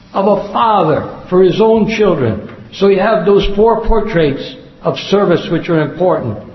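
A man with a fairly high voice preaches a sermon in earnest, repeating key phrases to drive them home. The recording is dull and lo-fi, and his voice rings out in a large echoing hall. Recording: echoey hall, dull lo-fi sound.

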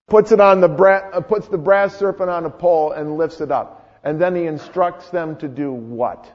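In an echoey hall, on a muffled lo-fi recording, a male pastor delivers his sermon like a conversation, often questioning his listeners. His voice is fairly high and a touch mellow, moving at normal speed.

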